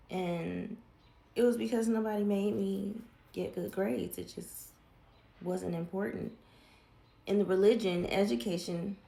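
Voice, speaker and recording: Candid woman with a gravelly, low voice. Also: dark tone, roomy sound. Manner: candid, swears freely, acts out quoted family voices. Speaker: vlogger telling her life story. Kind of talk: casual storytelling.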